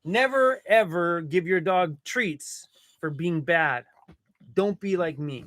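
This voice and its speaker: Calling everyone bro and laughing easily, a man streams live from a workshop, a dog nearby, as a relaxed van-life streamer. He speaks slowly in a high, fairly bright voice with no room sound.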